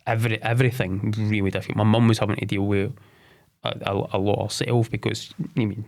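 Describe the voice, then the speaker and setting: A fairly low-voiced man in his forties tells his life story on a podcast. He speaks candidly and haltingly, stumbling over repeated words and restarting his sentences as he goes. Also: little pitch movement, gravelly. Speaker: podcast guest.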